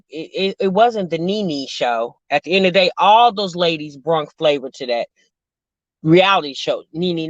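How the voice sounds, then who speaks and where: A woman with a lowish voice hosts a casual chat stream reacting to reality TV, sassy and chatty, calling viewers sis and y'all. The audio is dull, lo-fi and dry, with no echo.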